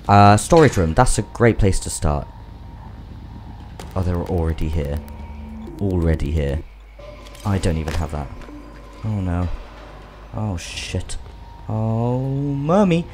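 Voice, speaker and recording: A man giving panicky, swearing commentary while playing a game and talking to it. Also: fairly low pitch. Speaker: gamer. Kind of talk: gameplay commentary. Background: game music.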